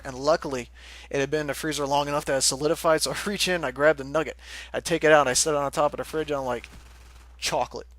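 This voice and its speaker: A man's voice: a little high, fairly bright tone, no room sound. A young man casually telling a rambling story, laughing often and swearing freely. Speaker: forum moderator telling a story.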